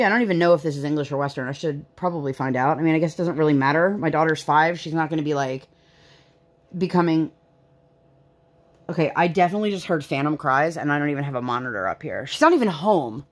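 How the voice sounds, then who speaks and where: A woman in her thirties chatting casually while she works on a craft, rambling with lots of fillers. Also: sits low. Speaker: vlogger.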